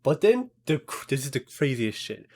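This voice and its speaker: A man's voice: medium pitch, very animated, moderate pace, a little mellow. A young man in casual chat, telling a dream with lots of fillers and acted quotes. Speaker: storyteller.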